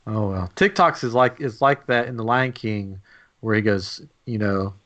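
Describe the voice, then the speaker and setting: A man in his forties hosting a live stream, telling animated anecdotes and laughing a lot. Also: lowish voice, normal speed. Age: 40s. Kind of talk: casual live-stream chat.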